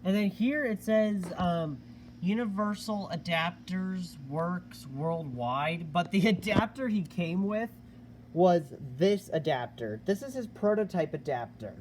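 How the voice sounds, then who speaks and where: A man giving a casual product review of a collectible animatronic, unhurried and hesitant, with many filler words. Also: high-pitched, a little mellow, a little hiss or hum.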